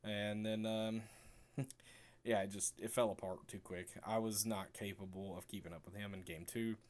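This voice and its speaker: A young man casually recapping a card game match, chatty and relaxed, acting out both players' remarks. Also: on the low side, moderate pace. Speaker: card game video creator.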